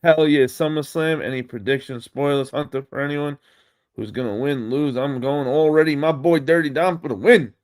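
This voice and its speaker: A man with a New York accent hosting a casual live stream, excitable and swearing freely as he greets viewers. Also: a little high, normal speed.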